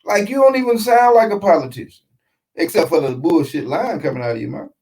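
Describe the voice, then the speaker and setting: A man hosting a casual reaction commentary show, talking in an animated, slangy way with frequent asides. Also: high-pitched, a little fast, rough recording. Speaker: show host reacting to a clip.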